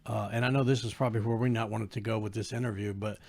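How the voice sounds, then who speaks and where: A man talking as a comedian guest on a casual podcast, hesitant and measured, often repeating words as he thinks. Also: fairly low pitch, fairly even intonation, darkish tone. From United States. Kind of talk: casual chat.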